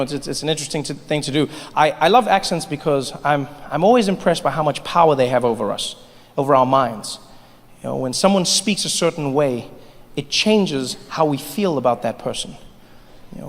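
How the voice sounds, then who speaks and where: A man doing stand-up comedy, telling stories in an animated, playful way. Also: fairly high pitch, brisk. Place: large live venue with audience. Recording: live hall with long reverb, faint ambience.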